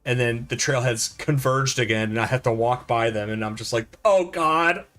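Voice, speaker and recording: A middle-aged man chatting on a live gameplay stream, his voice at an ordinary mid pitch. He rambles through stories with plenty of fillers and pokes fun at himself. Soft game music plays faintly underneath. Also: little pitch movement, fairly quick. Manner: rambling, self-deprecating storytelling with lots of fillers. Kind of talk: casual live-stream chat over gameplay.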